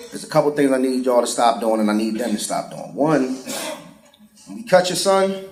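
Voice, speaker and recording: Exasperated profane stand-up comic. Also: male voice, on the high side. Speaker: stand-up comedian, barber. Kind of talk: stand-up comedy set. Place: comedy stage before live audience. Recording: echoey room.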